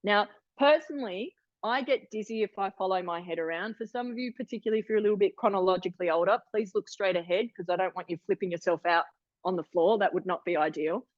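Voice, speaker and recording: A woman's voice: medium pitch, quick pace, dry recording, muffled recording. A woman in her forties leading an online workshop, chatty and encouraging, with frequent restarts. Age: 40s. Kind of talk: online wellness workshop talk. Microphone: video call.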